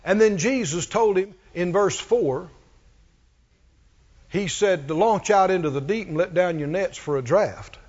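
A man's voice: high voice, unhurried, darkish tone, breathy edge. A man preaching a sermon, repeating phrases and calling for responses from the congregation. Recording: dull audio in a reverberant hall.

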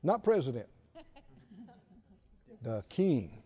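A man preaching a sermon, animated and laughing often, drawing call-and-response from the congregation. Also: medium pitch, slow pace. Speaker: pastor. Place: large church hall with congregation. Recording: dull lo-fi hall recording.

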